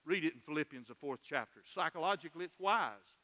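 A middle-aged male pastor preaching a sermon in a church, earnest and emotional, dropping soft and then swelling loud. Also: fairly high pitch, animated, fast talker, long reverb tail. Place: church sanctuary.

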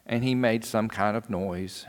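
A man's voice: on the low side, measured pace. A man preaching a sermon in a folksy, earnest storytelling way. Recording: long hall reverb.

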